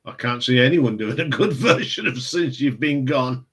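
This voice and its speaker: A man's voice: mid-range voice, lively intonation, moderate pace, a bit bright, breathy edge. A man in casual, rambling chat, hosting a live stream from home. He answers viewer comments as they come in, chuckling often. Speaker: live stream host reviewing records.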